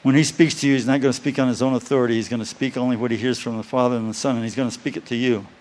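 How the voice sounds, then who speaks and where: A man preaching a sermon to his congregation, reading scripture slowly and stressing key phrases by repeating them. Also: medium pitch, little pitch movement, darkish tone. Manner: reads scripture aloud slowly. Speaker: pastor.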